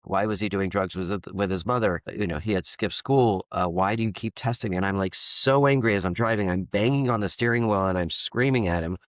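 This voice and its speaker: A man's voice: low-pitched, fairly quick, hardly any pauses, no echo, lo-fi sound. A man in his fifties, a foster parent, telling a candid personal story in an interview and acting out the dialogue. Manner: earnest, candid, acts out quoted dialogue.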